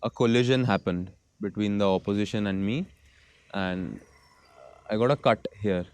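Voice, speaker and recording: A man's voice: lowish voice, normal speed, clear, resonant tone. A young man with an Indian accent, telling stories as a guest in a casual podcast conversation and slipping Hindi into his English. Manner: relaxed storytelling, mixing Hindi into English. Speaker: guest, football goalkeeper.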